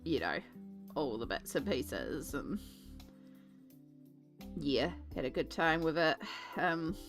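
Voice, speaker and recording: A woman's voice: deep voice, big pitch swings, takes it slowly, faint music behind. A woman in her thirties with an Australian accent, chatting and laughing while colouring on a stream. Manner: chatty, laughing, mimics sarcastic adult tones. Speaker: art streamer. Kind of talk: casual chat while colouring.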